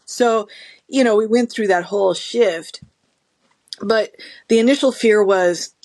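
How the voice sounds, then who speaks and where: A middle-aged woman guest tells her stories in a casual, animated way. She often acts out the people she quotes. Her voice sits in a mid pitch and is recorded close and dry, with no room sound. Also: unhurried, pauses often, no room sound. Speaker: podcast guest. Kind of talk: casual conversational interview.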